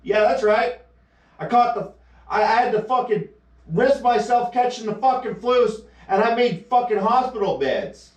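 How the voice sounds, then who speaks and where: A man's voice: very high voice, moderate pace, highs cut off. Guy swearing nonstop, sarcastic rant on a live stream, echoey and far off the mic. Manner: profane, sarcastic, scornful. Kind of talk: angry rant reacting to a news clip. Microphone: action camera mic.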